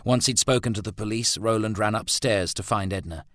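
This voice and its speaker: A man reading a novel aloud as narrator in a measured storytelling manner. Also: fairly low pitch, a bit bright, no room sound. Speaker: audiobook narrator. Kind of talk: scripted narration.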